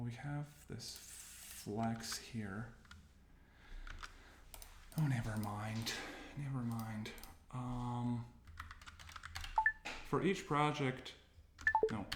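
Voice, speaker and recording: A man casually narrating his coding session. He thinks aloud, stops often and corrects himself. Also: on the low side. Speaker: developer demoing his coding workflow. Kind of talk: casual screencast commentary. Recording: roomy with noticeable background noise. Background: keyboard typing and mouse clicks.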